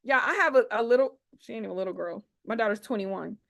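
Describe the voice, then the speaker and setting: A woman's voice: medium pitch, fast talker, gravelly, a bit bright. A woman in her forties hosting an online expo over a video call. She speaks in a playful, chatty, slangy way and hypes up her audience.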